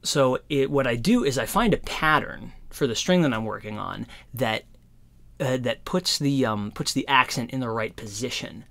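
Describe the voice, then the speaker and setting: A man giving a casual guitar lesson, explaining in a relaxed, rambling way with lots of fillers. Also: medium pitch, moderate pace, creaky. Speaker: guitar teacher. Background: guitar playing.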